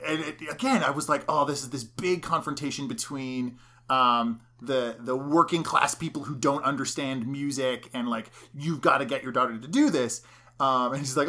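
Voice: medium pitch, normal speed, sharp tone. A podcast co-host recapping a movie scene by scene in casual chat, acting out the characters' lines.

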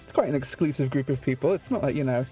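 A man's voice: medium pitch, fast, dark tone, soft background music. A man in his twenties hosting a comic radio quiz, rambling and self-deprecating with frequent laughs. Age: 20s. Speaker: radio host.

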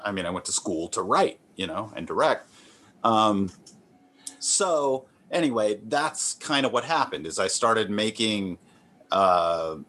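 A man, a comic artist guest, talking in a relaxed, rambling, self-deprecating way with many fillers and restarts. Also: low-pitched. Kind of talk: relaxed conversational interview.

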